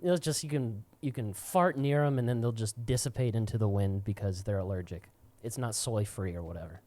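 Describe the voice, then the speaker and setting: A man's voice: lowish voice, fairly quick, dark tone. Crude rambling young man telling stories. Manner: crude, rambling, laughing storyteller. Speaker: podcast co-host. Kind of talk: casual storytelling.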